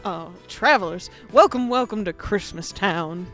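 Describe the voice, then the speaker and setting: A game master voicing a jovial, round-bellied village man who greets travelers heartily, with soft music behind. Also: high voice, animated, unhurried. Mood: welcoming. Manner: hearty, welcoming.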